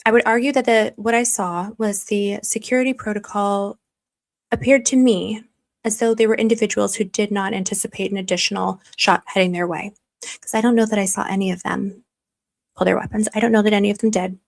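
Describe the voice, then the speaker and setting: A woman's voice: medium pitch, steady tone, a little fast, creaky. A woman hosting a casual livestream from home, gushing over viewers' comments and rambling through stories. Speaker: livestream host reading chat.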